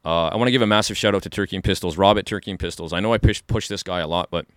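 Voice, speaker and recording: A man's voice: sits low, rapid-fire, fairly bright tone, dry recording. A man co-hosting a podcast in a studio, chatting casually and enthusiastically, rambling with lots of fillers and restarts. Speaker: podcast co-host. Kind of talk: casual chat.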